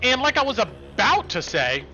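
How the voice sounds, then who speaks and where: A man's voice: very high-pitched, big pitch swings, normal speed, bright, forceful tone. A man narrating as game master on a live stream, talking casually with fillers and restarts. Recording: dull lo-fi stream audio with faint music.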